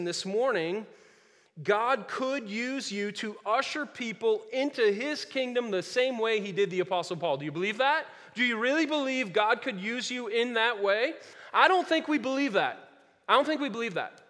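A male pastor preaches in a fairly high voice, his sound carrying a long reverb from the church sanctuary. He drops to quiet, earnest stretches, then rises to loud emphasis, repeating his key phrases to drive them home. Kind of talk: sermon. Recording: long reverb of a large hall.

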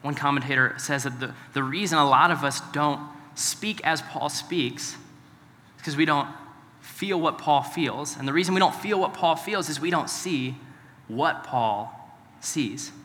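Male pastor, conversational sermon, bright forceful tone, a touch high, long hall reverb. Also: measured pace. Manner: conversational, asks the congregation questions.

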